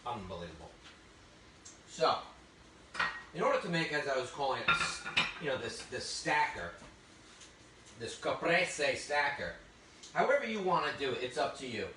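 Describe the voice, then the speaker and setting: A man's voice: medium pitch, sing-song, moderate pace, long pauses, noisy background. A man giving a live cooking demonstration, chatty and enthusiastic with frequent exclamations. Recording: roomy, distant mic with faint ambience.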